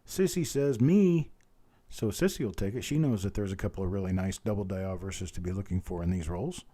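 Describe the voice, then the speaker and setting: A man hosting a live-streamed coin auction, calling bids quickly and chatting with viewers by name, his voice a little strained from talking. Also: low-pitched, mellow. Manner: rattles off bid calls fast, chats with viewers by name.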